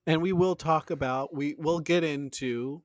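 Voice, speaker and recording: A man's voice: on the high side, unhurried, no echo. A man co-hosting a podcast, recapping an episode in a playful, chatty way. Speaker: podcast co-host giving show recaps. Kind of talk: casual chat.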